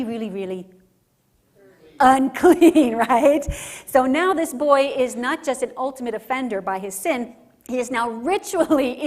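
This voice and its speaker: A woman speaker giving an emphatic religious teaching talk at a conference, often checking in with the audience. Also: fairly high pitch. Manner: emphatic, often tags lines with "right?". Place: conference center.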